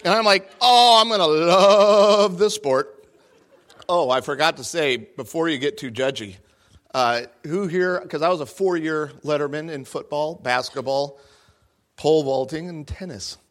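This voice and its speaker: A man's voice: a little high, moderate pace, a bit bright. A middle-aged man, a guest speaker, telling a self-mocking comic story to a live audience and acting out the voices in it. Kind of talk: comedic storytelling talk to an audience. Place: large room before a live audience.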